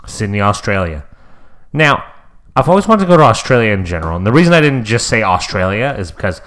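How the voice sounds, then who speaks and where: A man's voice: lowish voice, sing-song, quick pace, a bit bright. A young man co-hosting a podcast, rambling playfully in casual chat. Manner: rambling, lots of "like" fillers, playful. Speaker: podcast co-host.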